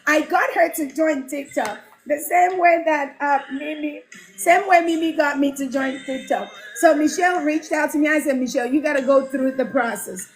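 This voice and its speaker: Livestream host, woman, high and lively voice, greets fans one by one, faint music behind. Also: normal speed. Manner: chatty, laughing, greets viewers by name. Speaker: livestream host and home care business mentor. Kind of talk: casual livestream chat reading viewer comments.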